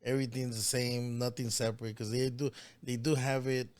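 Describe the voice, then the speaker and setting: A soft-spoken man with an accent, sitting in as a podcast guest. He talks in halting stops and starts, modest and a little unsure, laughing things off. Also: mid-range voice, little pitch movement. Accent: non-native English. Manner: hesitant, halting, many restarts, modest. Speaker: podcast guest, shoe cleaner maker. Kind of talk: casual interview chat.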